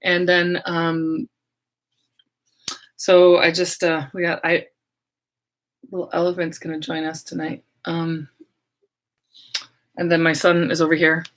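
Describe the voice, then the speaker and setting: A middle-aged woman who works as a medium, chatting casually on a livestream with her viewers, rambling and laughing often, her voice a little hoarse. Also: fairly low pitch, monotone, slow, pauses often. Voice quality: slightly hoarse.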